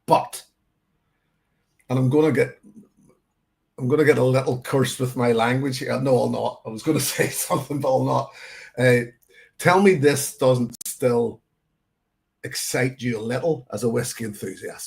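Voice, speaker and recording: A man's voice: mid-range voice, normal speed, creaky, long pauses. A man hosting a live whisky tasting, chatting in a rambling, self-correcting way and reading out viewer comments. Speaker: whisky channel host.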